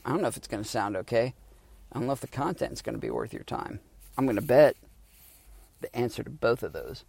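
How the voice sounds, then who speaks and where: Gravelly man ranting on a podcast. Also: medium pitch, fairly quick, long pauses, darkish tone, dry recording. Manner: sardonic, rambling, swears freely. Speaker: podcast host. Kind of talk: casual solo podcast rant. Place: back seat of a parked car. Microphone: phone.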